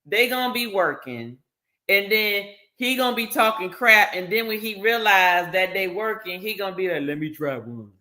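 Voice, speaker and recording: A woman with a sharp, bright voice banters in a sassy, teasing way on a comedy chat show. Her pitch sits in a middle range. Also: normal speed.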